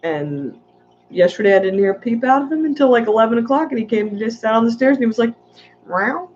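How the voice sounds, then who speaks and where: A woman's voice: a little high, lively intonation, fast talker, darkish tone, highs cut off, a little hiss or hum. A woman hosting a casual livestream, chatting in a rambling way and reading viewer comments aloud. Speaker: aquarium channel host.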